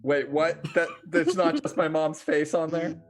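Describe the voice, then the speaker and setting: A man's voice: fairly high pitch, little pitch movement, a little slow, soft background music. A man playing a tabletop game, firing off anxious questions in casual banter. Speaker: player.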